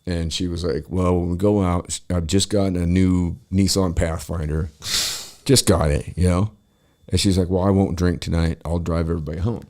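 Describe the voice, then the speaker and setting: Deep-voiced man in his forties telling stories. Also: fairly even intonation, normal speed, darkish tone. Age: 40s. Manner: rambling, profane, lots of fillers and restarts. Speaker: podcast host. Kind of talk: casual storytelling chat.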